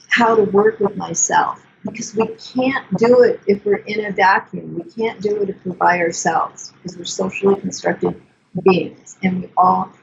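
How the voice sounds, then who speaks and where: Older woman therapist with gravelly voice. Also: mid-range voice. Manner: earnest, coaching, self-soothing asides. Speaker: therapist guest. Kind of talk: explanatory podcast talk. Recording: dull lo-fi sound with faint noise.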